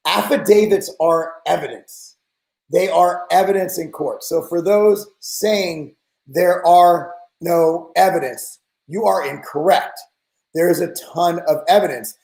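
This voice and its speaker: High-voiced man ranting bluntly. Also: a little slow, gravelly, darkish tone, roomy sound, rough recording. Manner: blunt, profane, exasperated ranting. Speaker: podcast host. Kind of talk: casual podcast rant.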